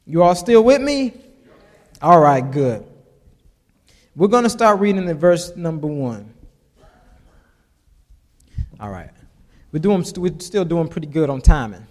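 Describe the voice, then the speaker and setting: High-voiced man preaching in a reverberant hall. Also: big pitch swings, unhurried, pauses often. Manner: casual, chuckling asides between scripture readings. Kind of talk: sermon with Bible reading.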